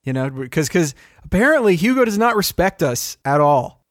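A man's voice: sits high, moderate pace, no room sound, studio quality. Rambling, profane man in casual chat. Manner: rambling, profane, animated storytelling.

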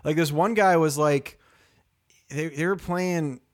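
Young male co-host, slightly higher pitch, blunt and foul-mouthed. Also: takes it slowly. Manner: blunt and profane, acts out other people's voices in anecdotes. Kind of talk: casual chat.

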